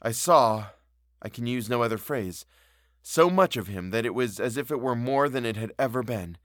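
An audiobook narrator reads a classic novel in a measured, expressive manner. His voice sits in the mid range, and the recording is studio quality with no room sound.

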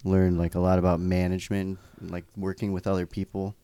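Young male co-host, slightly low voice, relaxed, swears a lot in easy banter. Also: brisk, a little hiss or hum. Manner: loose, swearing, laid-back banter. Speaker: podcast co-host. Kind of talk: casual chat.

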